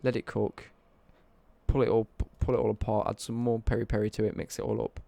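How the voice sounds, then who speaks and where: A man's voice: fairly low pitch, level tone, brisk, vocal fry, warm tone, no room sound. A young British man ranting on a casual live stream, sweary and worked up.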